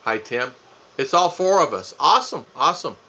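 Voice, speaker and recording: A man's voice: a little high, animated, moderate pace, pushed and bright. A man co-hosting a casual live stream, joking with his wife and greeting viewers by name. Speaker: vlog co-host. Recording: dull lo-fi sound.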